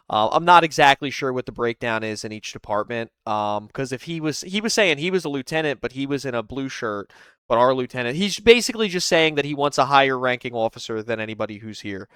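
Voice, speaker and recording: A man's voice: medium pitch, fairly bright tone, clear, resonant tone, no room sound. A man streaming live, commenting on police clips in a rambling way with lots of fillers and reading chat aloud.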